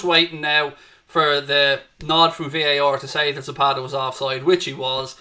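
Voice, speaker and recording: A slightly high voice with little pitch movement, pushed and bright, delivered at a moderate pace. He's an Irishman running a chatty live watchalong for fans, saying hello to viewers, reading their chat and calling the match, getting livelier at the action.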